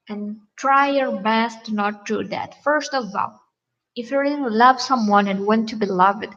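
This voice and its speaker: A woman relationship coach gives earnest advice in a vlog, circling back and repeating herself as she talks. She speaks slowly, with a fairly high voice. The audio is dull and lo-fi. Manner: halting, repetitive, earnest advice.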